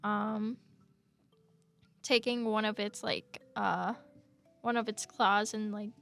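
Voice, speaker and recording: A woman's voice: mid-range voice, steady tone, slow, gravelly, fairly bright tone, faint music behind. A young adult woman narrating a tabletop game as game master, with lots of fillers and hesitations.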